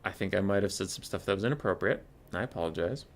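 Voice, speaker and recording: A man streaming a strategy game, giving casual commentary in an excitable way, swearing and talking to himself as he plays. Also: low-pitched, fast.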